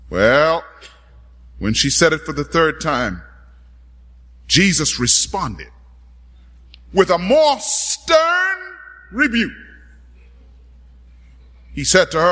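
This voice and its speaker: A man's voice: fairly high pitch, wildly swooping pitch, slow, pauses often, sharp tone, long reverb tail. A man preaching a dramatic sermon, calling out to his congregation and acting out the voices in the story.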